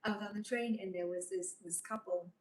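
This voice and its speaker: A woman's voice: medium pitch, steady tone, fairly quick. Woman rambling on a livestream, sorta far from the mic, bit of hiss. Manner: rambling and openly emotional. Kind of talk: casual livestream chat reading comments.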